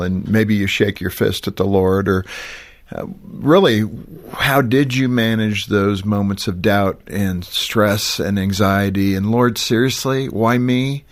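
A man hosting a faith-based interview, asking questions in a relaxed, conversational way. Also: lowish voice. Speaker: host.

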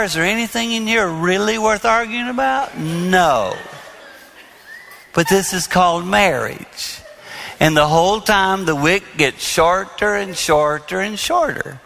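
A man's voice: high voice, vocal fry, pushed and bright, in a large hall, slight background noise. A middle-aged man preaching on marriage, telling stories with self-deprecating humor that turn earnest. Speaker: marriage speaker and minister. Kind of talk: storytelling sermon.

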